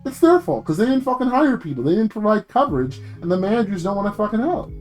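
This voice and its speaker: A young man streaming, ranting casually about work, animated and swearing, jumping high in pitch when indignant. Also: quick pace, faint music behind.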